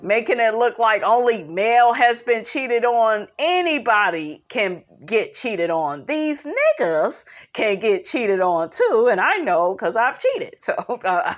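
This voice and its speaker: A woman's voice: a little high, very animated, slow pace, lo-fi sound. A woman, giving sassy casual commentary and reading out viewer comments, calling her viewers honey. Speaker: commentary host.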